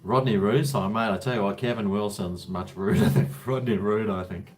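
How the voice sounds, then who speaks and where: A man's voice: lowish voice, steady tone, normal speed, soft background music. A man chatting casually on a livestream, rambling with chuckles and answering viewers' comments. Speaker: livestream host.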